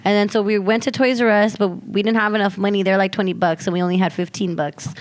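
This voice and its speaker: A woman's voice: mid-range voice, quick pace. A woman co-hosting a casual podcast, telling a story with lots of swearing and acted-out quotes of her friends. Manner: animated storyteller, swears freely, acts out friends' lines. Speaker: podcast co-host.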